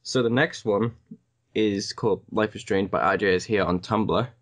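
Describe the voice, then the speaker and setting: A man's voice: fairly low pitch, moderate pace. A man joking and teasing his friends in casual chat over an online call. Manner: joking, playful, deadpan teasing. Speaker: co-host.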